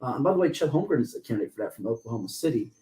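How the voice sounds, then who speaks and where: A man hosting a sports talk show, talking fast and joking excitedly with his co-host. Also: medium pitch, poor audio. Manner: fast, excitable, jokey and talkative.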